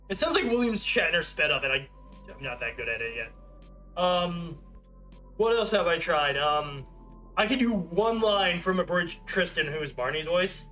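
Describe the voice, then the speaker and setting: This man in his thirties is streaming live, talking loosely and self-deprecatingly while filling gaps with ums and ahs. He has a high, animated voice with a sharp tone, moving at a moderate pace as faint music plays behind him.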